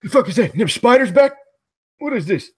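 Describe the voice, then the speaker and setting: A man voicing a grizzled older male convict with a husky voice and profane, alarmed outbursts. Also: on the high side, moderate pace, lightly acted.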